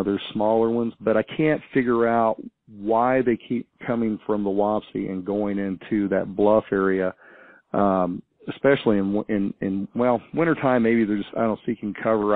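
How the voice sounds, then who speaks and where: A man with a lowish voice phones into a radio show from a small farm town, rambling through a story with lots of hesitation and restarts. The call comes through a tinny, dry phone line with no echo.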